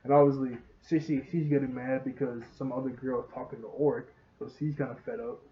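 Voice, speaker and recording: A man giving a casual, rambling episode review. He gets excited, laughs often and retells scenes as he goes. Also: medium pitch, fairly quick. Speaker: show reviewer. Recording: roomy, dull lo-fi sound.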